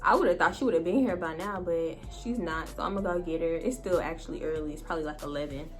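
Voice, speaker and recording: A woman's voice: lowish voice, fast talker, faint music behind. Young woman vlogger, loose and profane, shot on a phone at home. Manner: profane, chatty, animated storytelling to viewers. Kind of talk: casual storytime chat. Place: home, indoors. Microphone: phone camera.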